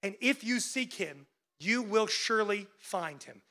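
High, bright-voiced male preacher. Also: animated, measured pace. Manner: preaching that swings between loud urgent peaks and hushed lows; conversational asides with frequent "like" fillers. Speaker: pastor. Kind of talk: sermon.

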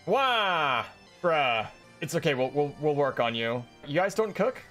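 Guy streaming a game, swears a ton, laughs a lot, slightly high voice, faint music under. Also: moderate pace. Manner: profane, excitable, laughs often. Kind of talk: casual gaming commentary.

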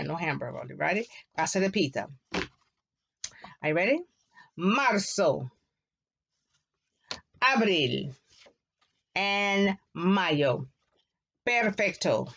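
A woman teaching a Spanish class to young children, repeating words slowly in a sing-song way for them to echo. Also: on the low side, creaky. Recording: dull lo-fi classroom recording.

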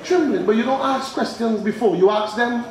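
A man preaching an evangelistic sermon, telling stories and quizzing the congregation, building to shouts. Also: very high voice, brisk, slight background noise. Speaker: pastor. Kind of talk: evangelistic sermon with call and response. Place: church or tent with congregation. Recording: very echoey hall with crowd.

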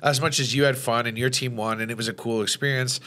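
A man, co-hosting a podcast in casual chat, joking and offering quick reactions. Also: mid-range voice, steady tone, bright, forceful tone. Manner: chimes in with short reactions and jokes. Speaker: podcast co-host.

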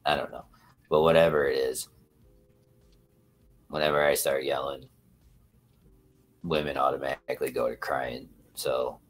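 A man with a remarkably deep, low voice hosts a casual livestream, chatting straight to his viewers. He rambles and swears freely, circling back on his thoughts as he goes. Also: level tone, measured pace, long pauses. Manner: rambling, profane, talks to chat. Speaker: livestream host.

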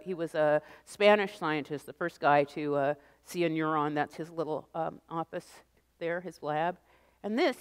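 A woman giving a public lecture on a stage, a lively, chatty storyteller who jokes with her audience. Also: on the low side, clear, resonant tone. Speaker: guest lecturer. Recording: long reverb of a large hall.

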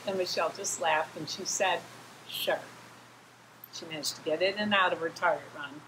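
A woman giving a children's sermon, telling a Bible story in an animated way and acting out the voices of the people in it. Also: lowish voice, moderate pace, background noise. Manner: animated, acts out quoted voices, talks straight to kids. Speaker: children's message leader.

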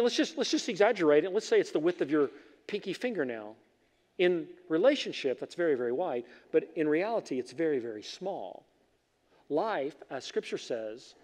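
A man preaching a sermon as pastor, telling the story in an animated way and building emphasis as he goes. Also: a little high, in a large hall.

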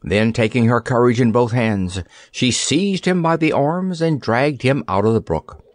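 A man narrating an audiobook in an expressive storytelling manner, on a close studio mic. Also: medium pitch, measured pace, no room sound.

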